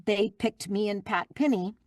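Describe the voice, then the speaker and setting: A middle-aged woman sits in on an interview as a guest voice actress. She tells her stories in an animated way, with frequent fillers and restarts. Her voice is mid-pitched and the recording is dry and close. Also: normal speed, no room sound. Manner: warm, animated storytelling with fillers. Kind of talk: casual interview chat.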